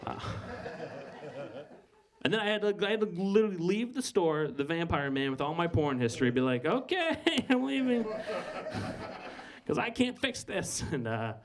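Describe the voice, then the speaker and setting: Stand-up comic guy, stammery and rambly, fairly high voice that bounces all over. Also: lively intonation, normal speed, crowd noise. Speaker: stand-up comedian. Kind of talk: stand-up comedy. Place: comedy club stage.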